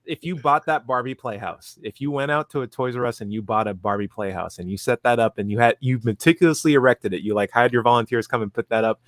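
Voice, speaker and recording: A man on a comedic panel show, chatting casually and slipping into quick mocking voices. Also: mid-range voice, no echo. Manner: jokey, does quick mocking voices in quotes. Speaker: podcast panelist.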